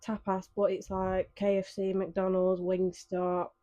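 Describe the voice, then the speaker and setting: A woman's voice: medium pitch, completely flat delivery, measured pace, mellow, no echo, highs cut off. Woman co-host in laid-back chat. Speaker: podcast co-host. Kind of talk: casual chat.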